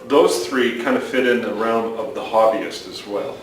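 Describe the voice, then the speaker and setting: A man's voice: fairly low pitch, moderate pace. Middle-aged male co-host, jokey and preachy; distant, echoey, faint hiss. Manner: joking, lecturing. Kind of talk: casual podcast chat. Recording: echoey room from far off.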